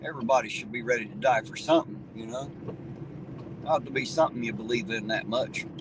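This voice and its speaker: A man's voice: medium pitch, fast. A man, hosting a casual livestream and reading viewer comments in a folksy, swearing, chuckling way. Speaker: livestream host reading chat. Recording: distant mic with loud traffic noise.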